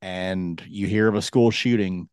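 A man's voice: deep voice, steady tone, a little slow, a little mellow, clean tone, dry recording, studio quality. A man in his thirties co-hosting a casual podcast, talking earnestly and dropping his voice when serious. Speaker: podcast co-host. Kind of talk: casual chat.

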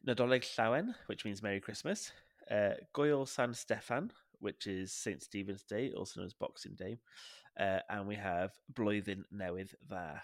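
A man's voice: fairly low pitch, dry recording, studio quality. A young adult Welsh man hosting a podcast in a casual, jokey, playful chat. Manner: playful, jokey, laughs often. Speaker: podcast host.

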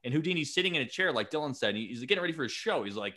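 A man's voice: medium pitch, racing. A man hosting a podcast, telling a story in casual chat, swearing freely and acting out the lines of the people in it. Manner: animated storytelling, swears, acts out quotes. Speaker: podcast host.

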